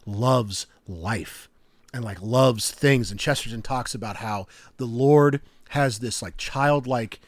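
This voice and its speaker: A young adult man on a podcast, telling stories in a rambling, animated way with lots of fillers. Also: medium pitch, slow, dry recording. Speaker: podcast co-host. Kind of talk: casual chat.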